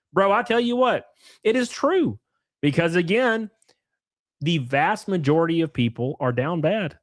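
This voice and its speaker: A man's voice: mid-range voice, dry recording. A man streaming live, reading chat and rambling through loose, crude takes with frequent laughs. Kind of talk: casual livestream chat.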